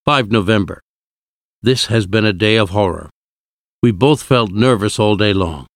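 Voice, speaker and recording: A man narrating an audiobook in a steady, even storytelling manner. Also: lowish voice, moderate pace, no echo, studio quality. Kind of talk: scripted narration.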